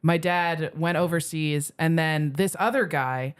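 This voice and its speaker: A woman's voice: sits low, a little slow, smooth. A woman comedian telling a long anecdote in a casual podcast chat, with plenty of likes and ums. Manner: rambling anecdote full of "like" and "um" fillers. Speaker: comedian guest.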